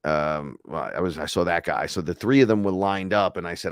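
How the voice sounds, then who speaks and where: A man's voice: sits low, brisk, hardly any pauses, no echo, studio quality. A man hosting a casual livestream, talking in a heated, rambling, profane way. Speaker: podcast host.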